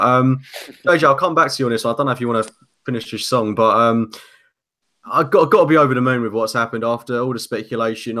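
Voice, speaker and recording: A man's voice: medium pitch, fairly bright tone. A man hosting a casual football chat, upbeat as he steers topics, with frequent ums. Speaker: podcast host.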